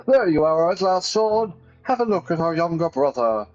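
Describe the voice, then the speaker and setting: Guy putting on a snooty young noble, high and bossy, kinda muffled with music underneath. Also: big pitch swings, moderate pace, a little mellow. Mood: haughty. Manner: pompous, indignant. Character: arrogant young noble man, haughty and scolding.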